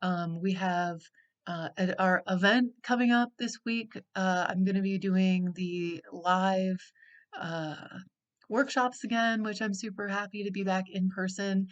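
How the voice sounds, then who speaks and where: A middle-aged woman and life coach giving an unscripted teaching talk, speaking slowly and reflectively with frequent pauses and fillers. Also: medium pitch, fairly even intonation, dull audio.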